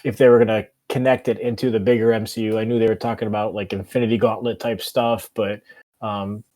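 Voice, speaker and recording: A man's voice: on the low side, little pitch movement, brisk, mellow. A man in his thirties chatting on a podcast, enthusiastic and rambling with many fillers. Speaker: podcast co-host. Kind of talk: casual podcast chat.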